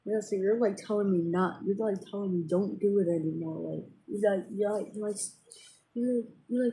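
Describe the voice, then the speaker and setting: A woman's voice: medium pitch, steady tone, normal speed, warm tone, a little hiss or hum, rough recording. A woman venting in a casual, rambling way to her viewers, with many fillers and restarts. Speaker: vlogger. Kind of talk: casual personal venting to camera.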